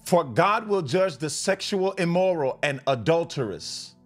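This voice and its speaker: Male live-stream preacher, high voice, repeats lines for emphasis, faint music bed. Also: expressive, a little slow. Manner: fervent, repeats and restarts lines, switches to blunt asides. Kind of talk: live-stream sermon and Bible reading.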